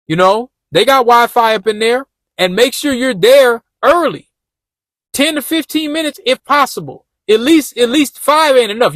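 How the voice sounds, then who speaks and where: High-voiced man chatting casually in slang. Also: a bit bright, no echo. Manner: loose, repetitive street slang, addresses viewers as y'all. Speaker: vlogger giving job-interview tips. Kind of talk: casual talk while driving. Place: car.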